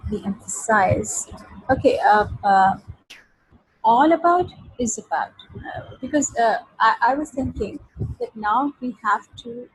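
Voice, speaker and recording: A woman's voice: on the high side, animated, measured pace, breathy edge, poor audio. Hesitant woman reading a text aloud. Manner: hesitant, many fillers and restarts. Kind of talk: halting read-aloud and discussion.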